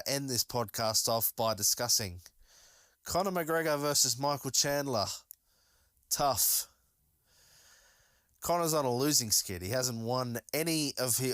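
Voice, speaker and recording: A man's voice: mid-range voice, fairly bright tone, smooth, dry recording. A man hosting a solo podcast, talking casually and enthusiastically, rambling with many fillers and restarts. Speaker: podcast host.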